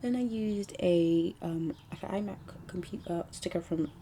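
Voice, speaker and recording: Young british girl chatting thru her planner, kinda low, mellow breathy voice, lots of ums. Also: unhurried, slight background noise. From United Kingdom. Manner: rambling, chatty, with many ums and asides. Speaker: planner vlogger. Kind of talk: casual voice-over narration.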